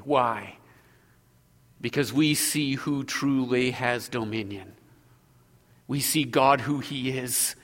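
A man preaching a sermon as pastor, earnest, moving between loud exhortation and hushed prayer. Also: mid-range voice, takes it slowly, long pauses, big-room sound.

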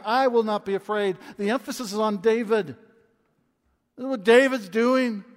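A man in his twenties preaching a sermon as a pastor, impassioned and swinging from loud to hushed. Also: very high-pitched. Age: 20s. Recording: long reverb of a large hall.

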